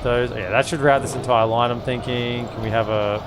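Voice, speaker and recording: A man's voice: medium pitch, steady tone, fairly quick, few pauses, noisy background. An Australian man giving casual, chatty gameplay commentary as a streamer, often repeating himself. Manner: chatty, repeats words, many restarts.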